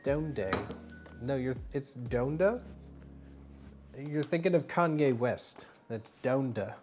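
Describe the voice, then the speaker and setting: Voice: mid-range voice, expressive, slow, darkish tone, a little hiss or hum. A streamer acting as a bartender in a comedic livestream, rambling playfully and stumbling over fillers. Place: home streaming setup.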